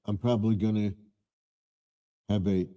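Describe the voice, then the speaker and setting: A man chatting on his live stream in a low, mellow voice. He talks slowly and rambles in a relaxed, low-key way. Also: highs cut off. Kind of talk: casual live stream chat. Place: home man cave.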